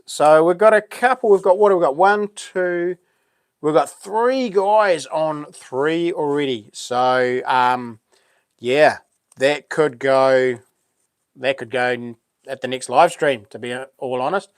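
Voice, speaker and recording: Man, New Zealand accent, casual live stream host, rambling and easygoing, slightly high voice, dry close sound. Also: no echo. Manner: laid-back, rambling, lots of ums.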